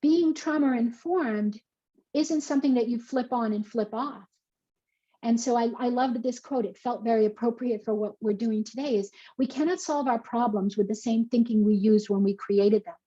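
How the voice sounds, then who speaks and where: A woman's voice: fairly high pitch, moderate pace, mellow, dull audio. Earnest woman giving a talk. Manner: earnest, conversational, with fillers and restarts. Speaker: conference speaker. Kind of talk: presentation talk with slides.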